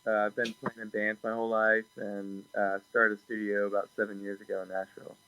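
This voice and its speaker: Relaxed, bright-voiced man on a call. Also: fairly low pitch, brisk, poor audio. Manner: relaxed, hesitant with many ums and restarts. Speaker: production assistant and music producer. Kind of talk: casual interview over a call.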